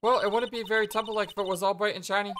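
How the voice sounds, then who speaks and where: A woman's voice: medium pitch, steady tone, racing, background noise, pitched above the performer's own voice, close to an everyday voice. A woman reading game dialogue aloud as a bouncy, teasing teenage girl spirit medium. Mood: playful teasing.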